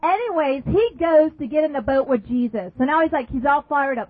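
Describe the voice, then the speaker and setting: A woman delivers a sermon in a high voice, pressing her points by repeating them and asking the listeners questions. The sound is narrow and phone-like, with a dry, close feel and no room echo. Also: animated, a little fast, hardly any pauses. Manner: emphatic, repeats phrases, asks the audience questions. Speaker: preacher.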